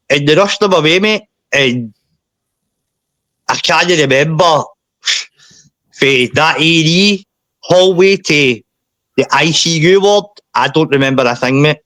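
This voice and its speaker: A man, a podcast guest, recounting a painful personal story in a halting way, often repeating himself and saying mate. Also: a little high, fairly bright tone, no echo.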